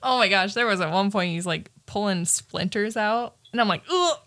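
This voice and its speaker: A woman's voice: mid-range voice, normal speed, fairly bright tone, dry recording, clean studio sound. A woman co-hosting a podcast, chatting animatedly about a movie and laughing often. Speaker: podcast co-host. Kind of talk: casual movie review chat.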